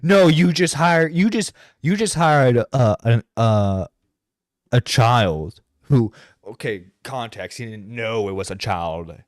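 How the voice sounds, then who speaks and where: A man's voice: medium pitch, expressive, slow pace, no echo. Exasperated man swearing on a dry close mic. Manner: profane, exasperated, stammering. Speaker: streamer reacting to a video. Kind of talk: reaction commentary. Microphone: close streaming mic.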